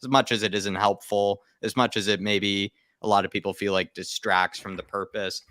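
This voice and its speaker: A man's voice: on the low side, flat delivery, moderate pace, sharp tone, no echo, clean studio sound. A man hosting a football fan show, talking candidly and reflectively in casual chat.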